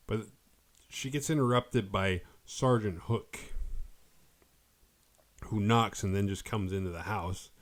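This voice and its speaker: A man casually recapping a horror movie on his podcast, acting out characters' lines as he goes. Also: lowish voice. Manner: animated retelling, quick quoted voices for characters.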